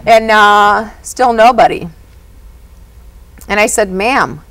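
A woman speaking as a psychic medium guest, telling stories in an animated, earnest way. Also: medium pitch, slow pace, pauses often, rough recording. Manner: animated and earnest, often says "you know". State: emotional at moments. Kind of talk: storytelling in a conversation.

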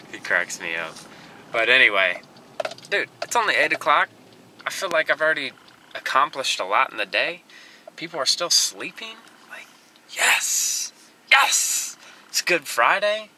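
A man rambles earnestly into his handheld camera. He keeps restarting his sentences in a casual motivational rant. Car and traffic noise runs loudly underneath. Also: mid-range voice, sing-song, unhurried, pauses often, distant mic. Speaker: vlogger. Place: in a car and outdoors. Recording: noisy car and street background.

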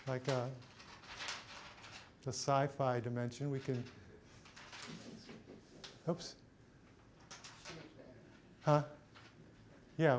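A man's voice: on the high side, noisy background. A middle-aged man teaching a cinematography workshop, thinking aloud with many fillers and restarts as he sets lights in a studio. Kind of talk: hands-on lighting demonstration.

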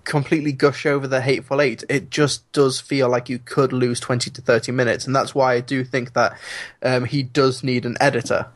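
Male podcast guest, earnest and measured, some false starts, mid pitch. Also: level tone. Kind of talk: casual chat.

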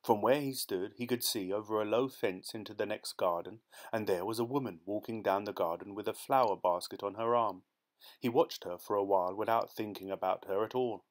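A man narrating a short story as an audiobook reader, in a steady, measured way. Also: lowish voice. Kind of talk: scripted narration.

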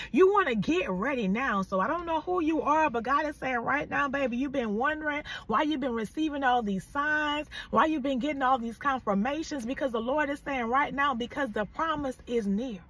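Fervent high-voiced woman preacher. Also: bright, forceful tone, distant mic. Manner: fervent, calls listeners "baby" and "y'all", urges call-and-response. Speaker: prophetic preacher. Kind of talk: prophetic word sermon.

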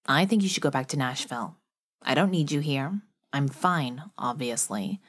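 Female narrator doing a sneering angry brother, low voice, scornful, lightly acted. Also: lively intonation, normal speed. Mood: bitter. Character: bitter dismissive young man, brother.

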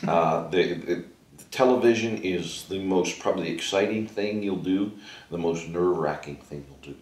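A man being interviewed as a ventriloquist, telling animated anecdotes and laughing often. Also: low voice, moderate pace. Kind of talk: casual storytelling interview. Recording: roomy sound from a distant mic.

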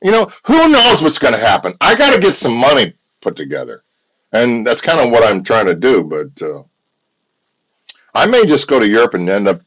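Animated, profane American livestream host. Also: male voice, fairly low pitch, breathy edge, low-quality recording. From United States. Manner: profane, rambling, animated storytelling. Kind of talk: casual livestream chat.

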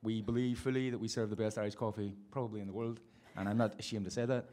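A man's voice: lowish voice, steady tone, quick pace, dark tone. A man speaking as a bar-owner guest on a live panel, self-deprecating and laughing easily.

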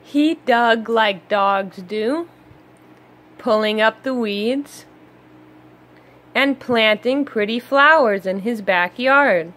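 A woman reading a children's picture book aloud, slow, gentle and expressive. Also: fairly high pitch. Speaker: storybook reader. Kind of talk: children's read-aloud narration.

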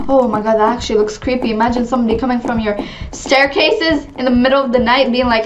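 A young woman giving giggly, chatty, excitable commentary while playing a game, often breaking into squealed greetings. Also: on the high side, normal speed, dull audio, slight background noise. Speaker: gaming channel host. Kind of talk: casual gameplay commentary.

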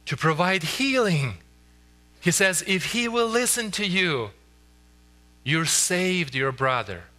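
A man preaching a sermon as pastor in a church, earnest and pleading, slowing down for emphasis. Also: sits high, big pitch swings, sharp tone. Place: church sanctuary.

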